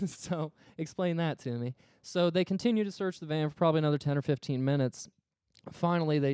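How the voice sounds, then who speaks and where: Telling a profane, casual story on a podcast he co-hosts, this man acts out the quoted lines himself. His medium-pitched voice is dark, clear and resonant, captured with clean studio sound and no room echo.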